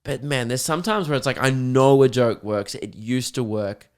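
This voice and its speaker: Young man telling animated stories. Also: mid-range voice, moderate pace, clean tone. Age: young adult. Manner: animated storyteller who acts out voices of others. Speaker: podcast host and comedian. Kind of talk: casual podcast chat.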